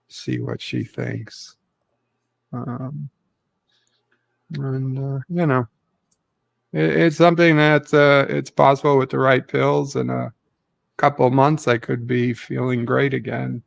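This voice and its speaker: A man hosting a casual livestream chat, speaking in a halting way with many fillers and pauses. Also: mid-range voice, gravelly, dry recording. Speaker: livestream host.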